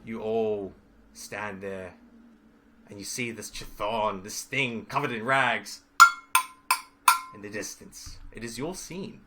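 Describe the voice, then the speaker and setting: A man narrating dramatically as game master of a tabletop role-playing game, halting now and then with fillers. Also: on the low side, background noise.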